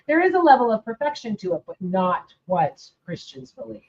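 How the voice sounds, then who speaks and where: A woman hosts a casual podcast chat, reflecting on memories and acting out the dialogue she recalls. Her voice is a little high and sing-song with a darkish tone and moderate pace, and the lo-fi audio sounds dull.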